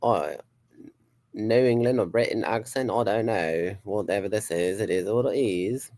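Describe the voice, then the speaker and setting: A man's voice: on the low side, unhurried, a little mellow. A man hosting a casual livestream as a psychic, rambling and swearing freely, laughing often and reading viewer comments aloud. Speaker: psychic streamer host.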